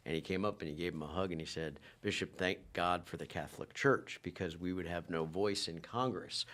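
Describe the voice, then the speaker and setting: Very low-voiced rambling man. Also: fairly bright tone. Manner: rambling, halting, many restarts. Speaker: podcast co-host. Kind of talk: casual chat.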